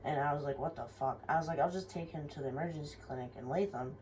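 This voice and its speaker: A young woman with a fairly low voice, telling her own story in a loose, rambling way. She speaks frankly, swears often and leans on fillers. The mic sits a little away from her, with faint noise in the room. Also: racing, darkish tone, far from the mic, poor audio. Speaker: vlogger. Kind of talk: casual personal storytelling.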